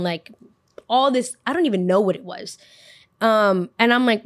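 A woman's voice: a little high, a little fast, no echo, clean studio sound. A young woman telling a personal story in casual podcast storytelling, acting out what everyone said. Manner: animated, acts out quotes of others. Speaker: podcast host.

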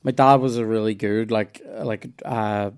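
A man's voice: fairly low pitch, steady tone, moderate pace, smooth. A Northern Irish man telling loose, rambling stories in casual podcast chat, with restarts and swearing.

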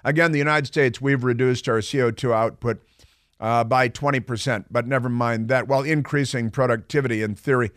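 Male radio host, mid-pitched, sardonic and mocking, close dry studio sound. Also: fairly even intonation, a little fast, dry recording. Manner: sarcastic, mocking asides. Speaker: radio talk show host. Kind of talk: talk radio monologue. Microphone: studio microphone.

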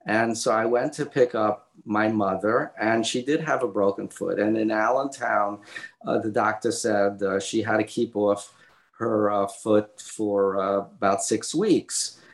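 An older man, an author and illustrator, telling a family story in an interview, halting with many fillers and restarts and acting out quoted lines. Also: fairly low pitch, steady tone, reverberant. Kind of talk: conversational storytelling.

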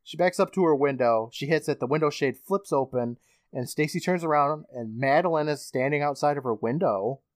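A man co-hosting a comedy podcast, retelling a TV episode in an animated way with casual swearing. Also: fairly high pitch, fairly quick, dry recording. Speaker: podcast co-host.

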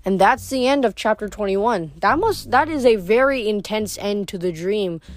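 A woman's voice: mid-range voice, expressive, moderate pace, dry recording. A woman reading a novel aloud and chatting about it, often stumbling and correcting herself. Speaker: book reader.

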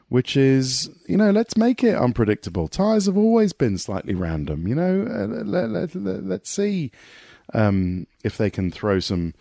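Low-voiced guy rambling away, lots of restarts, dry close sound. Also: no echo. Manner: animated, rambling, many restarts. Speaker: motorsport pundit guest. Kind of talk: casual podcast conversation.

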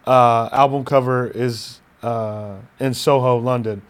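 A man's voice: mid-range voice, fairly even intonation, takes it slowly, smooth. A man chatting casually as a podcast co-host, laid-back, laughing often and swearing now and then. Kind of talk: casual chat.

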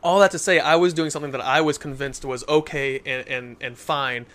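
A man's voice: on the high side, steady tone, brisk, a bit bright. A young man in casual Christian podcast talk, earnest and telling stories to make his point. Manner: earnest, storytelling with acted quotes.

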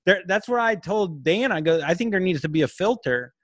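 Joking casual podcast host, dry sound. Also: male voice, high voice, animated, fairly quick, a bit bright, no room sound. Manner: crude, joking, slips into mock voices. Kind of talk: casual chat over a video call. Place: remote location on weak Wi-Fi.

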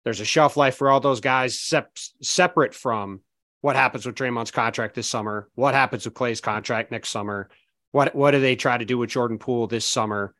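A man in casual podcast conversation about basketball, reasoning out loud with steady, analytical phrasing and frequent "I mean" and "look" restarts. His voice sits at an ordinary middle pitch. The sound is close and dry, with no room echo. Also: moderate pace. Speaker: sports podcast co-host.

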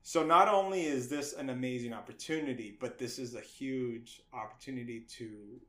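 A man's voice: mid-range voice, moderate pace, a bit bright, echoey room. A middle-aged man from the United States, a guest animator on a podcast, telling a story with acted-out voices, frequent laughs and casual swearing.

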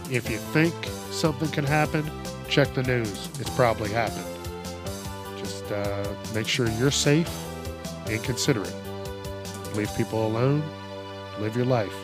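A man's voice: mid-range voice, unhurried, pauses often, over loud music. A man hosting a casual comedy news podcast, rambling, swearing and laughing as he talks. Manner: crude, laughing, rambling with restarts. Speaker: podcast host.

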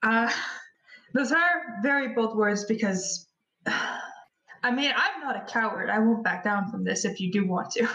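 Woman player, higher voice, teasing and playful, echoey room sound. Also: takes it slowly, pauses often, pushed and bright, dull audio. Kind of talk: casual in-character tabletop chat.

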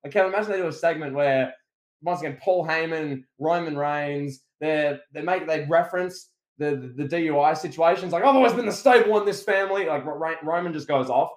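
Guy on a wrestling podcast, bit high voice, roomy echo, super animated. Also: a little fast. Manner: animated, acts out wrestlers in loud mock voices. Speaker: podcast co-host. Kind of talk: casual wrestling review chat.

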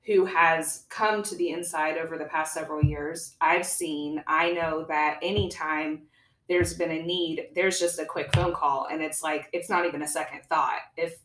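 Low-voiced woman host, echoey room. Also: steady tone, moderate pace, fairly bright tone, a little hiss or hum. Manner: thoughtful, earnest questioning. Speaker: podcast host. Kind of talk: interview conversation.

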